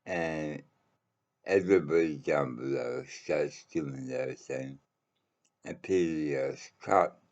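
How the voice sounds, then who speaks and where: A man hosting his own channel, telling a casual personal anecdote in a halting, rambling way with lots of fillers and the odd swear word. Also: extremely low pitch, darkish tone, highs cut off.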